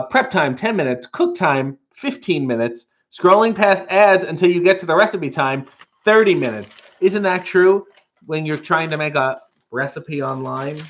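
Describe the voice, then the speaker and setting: A man hosting a loose, comedic stream, tossing out deadpan quips between bits he reads aloud. His voice sits a little on the high side for a man. The audio is dull and lo-fi, with the top end rolled off. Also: moderate pace. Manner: dry, offhand joking asides while reading chat and comics aloud. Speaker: streaming show host. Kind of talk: casual comedic live-stream chat.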